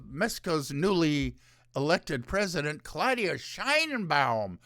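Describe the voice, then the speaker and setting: A man's voice: a little high, fairly bright tone, smooth, no echo, clean studio sound. A man hosting his own show, giving rambling, sarcastic solo commentary. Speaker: show host.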